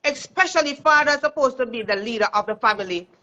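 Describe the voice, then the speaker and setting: A woman's voice: a little high, animated, fast talker, bright, forceful tone. A woman explaining her view in a casual, conversational chat. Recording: dull lo-fi sound.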